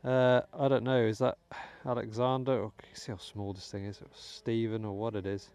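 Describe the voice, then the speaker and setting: A man's voice: fairly low pitch, flat delivery, fairly quick, darkish tone, clean tone. Chatty British man vlogging in a field. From United Kingdom. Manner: chatty, talks to viewers while working, muttering asides. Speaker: metal detecting channel host. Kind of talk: casual vlog commentary while digging. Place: outdoors in a wet field.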